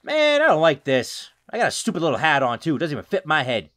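A man's voice: medium pitch, very animated, quick pace, hardly any pauses, a bit bright. A man giving jokey, rambling let's play commentary with self-mocking asides. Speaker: gaming YouTuber.

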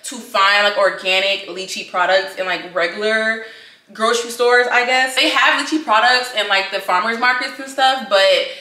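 Chatty bright-voiced young woman vlogger. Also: mid-range voice, normal speed, roomy sound. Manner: chatty and animated, addresses viewers as girl and y'all. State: out of breath. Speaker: lifestyle vlogger. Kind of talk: casual vlog chat to camera.

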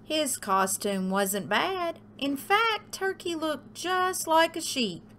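Lively, expressive woman reading a storybook. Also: slow, a little hiss or hum. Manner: expressive, sing-song storytelling with big pitch leaps for the animals. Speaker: library story time reader. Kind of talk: reading a picture book aloud to children.

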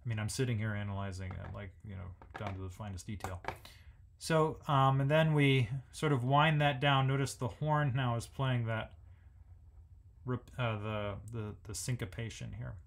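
A man's voice: mid-range voice, fairly even intonation, normal speed, gravelly, slight background noise. Man singing rhythms while explaining music. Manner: thinking aloud, sings rhythms on nonsense syllables. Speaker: music educator host. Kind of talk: live music analysis lesson.

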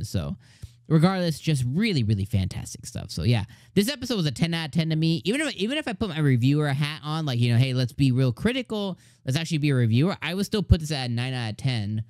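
An excited man reviews an anime episode in a loose, chatty monologue, acting out the characters' lines as he goes. His voice sits at a middle pitch. The sound is dry and close, with no room echo. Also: fast. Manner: enthusiastic, acts out character lines.

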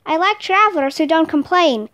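A woman reading aloud, voicing a hearty adult female tour bus driver who calls out loudly and friendly. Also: very high-pitched, lively intonation, normal speed. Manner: loud, friendly calling out.

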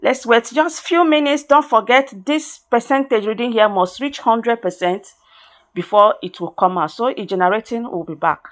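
A woman from Nigeria with a Nigerian accent, whose first language is Igbo, hosting a software tutorial in a chatty, encouraging way and speaking straight to her viewers. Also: a little high, normal speed. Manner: chatty and encouraging, addresses viewers directly, drops in Pidgin. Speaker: tutorial host. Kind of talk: screen-recorded software tutorial.

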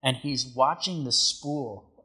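Husky-voiced man telling a wild story. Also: medium pitch, slow. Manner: animated storyteller, acts out quotes, many filler likes. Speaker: guest, surfer. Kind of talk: casual storytelling.

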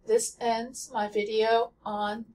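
A woman gives a pronunciation lesson at a slow, deliberate pace, carefully repeating example words to show each sound. Her voice sits a bit back from the microphone. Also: fairly high pitch, level tone, darkish tone, distant mic, slight background noise. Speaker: language teacher.

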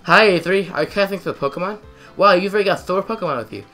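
A man voicing a perky, friendly young girl trainer in a higher, louder voice than his own. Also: very fast, faint music behind. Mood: chirpy.

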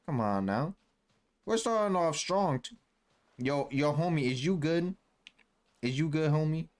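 Lively young man. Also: on the high side, normal speed. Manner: casual, playful slang, voices characters in fun. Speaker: gaming YouTuber. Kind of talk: game commentary.

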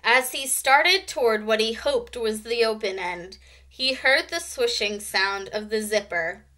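A woman teacher narrates a children's chapter book aloud in a slow, expressive storytelling voice. Her tone is bright and clear, set a little high.

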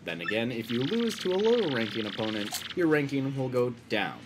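A man's voice: medium pitch, sing-song, brisk, music in the background. Man in casual gaming banter. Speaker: let's play co-host.

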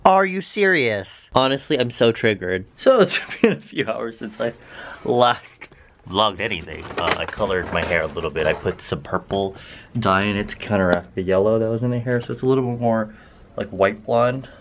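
A young man chatting casually to his camera as a vlogger, animated and swearing freely, with big jumps in pitch. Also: normal speed, a little hiss or hum. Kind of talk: casual vlog chat. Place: out and about, streets and cafés.

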